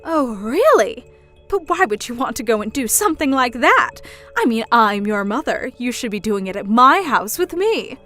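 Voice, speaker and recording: A woman's voice: fairly high pitch, sing-song, normal speed, pushed and bright, faint music behind. A woman voicing a controlling middle-aged mother who mocks and belittles her daughter. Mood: doting. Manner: mocking, belittling, pushy.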